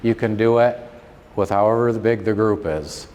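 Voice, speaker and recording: A middle-aged man, a chiropractor, telling a story at a convention seminar in a joking, self-deprecating, animated way. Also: on the low side, normal speed. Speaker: chiropractor giving a seminar talk. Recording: long reverb of a large hall.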